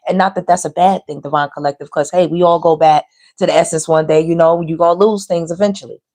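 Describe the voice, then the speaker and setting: A woman's voice: fairly low pitch, fairly even intonation, fast, a little mellow. A woman giving a casual, teasing tarot reading straight to her viewers. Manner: chatty, teasing, talks straight to viewers with slang. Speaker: tarot reader.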